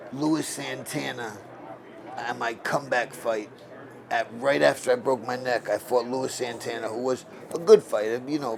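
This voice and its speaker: This former boxer in his sixties has a creaky voice of medium pitch. Amid a murmuring crowd picked up by the mic, he tells stories in an interview bluntly and emphatically, frequently starting his phrases over.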